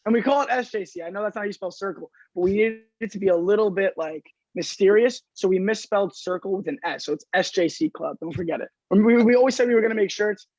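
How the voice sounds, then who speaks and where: A man's voice: high-pitched, fast, hardly any pauses, darkish tone, dry recording. A man, chatting as a podcast guest over a video call, laughing often and filling his talk with "like". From Staten Island, New York. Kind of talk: casual chat. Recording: slightly dull lo-fi call audio.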